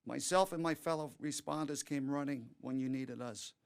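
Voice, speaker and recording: A man's voice: medium pitch, moderate pace, creaky, clear, resonant tone. A man who is a first responder, giving solemn, heartfelt remarks at a press conference.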